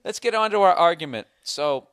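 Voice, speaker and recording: A man's voice: on the high side, a little fast, smooth, no room sound, studio quality. A man hosting a casual comedy podcast, ranting and telling stories with lots of swearing. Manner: profane, ranting, animated storyteller. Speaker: podcast host.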